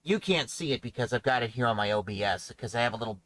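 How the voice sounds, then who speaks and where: A man's voice: medium pitch, expressive, fast, a bit bright, no echo, rough recording. A man hosting a casual livestream podcast, talking in a rambling, chatty way. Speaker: podcast host.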